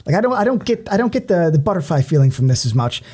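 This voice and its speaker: A man co-hosting a podcast, chatting casually about movies in an animated way, swearing freely and restarting often. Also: fairly high pitch, quick pace, husky. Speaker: podcast co-host. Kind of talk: casual movie-discussion chat.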